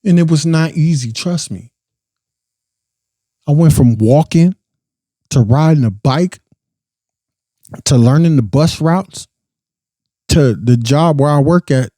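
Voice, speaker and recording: A man's voice: on the high side, slow, long pauses, warm tone, no echo. A young adult man hosting a podcast, giving a blunt, profane, impassioned casual monologue. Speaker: podcast host.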